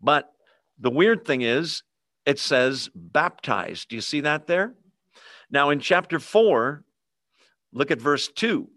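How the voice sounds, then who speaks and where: A man teaching a sermon in a conversational, animated way, asking listeners questions and acting out quoted voices. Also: fairly high pitch, slow pace, pauses often, no echo, studio quality. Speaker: pastor.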